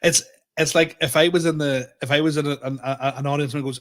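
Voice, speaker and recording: A man's voice: a little high, fairly even intonation, quick pace, fairly bright tone. A man co-hosting a podcast who mostly gives short reactions and makes dry, joking remarks in casual chat. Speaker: podcast co-host.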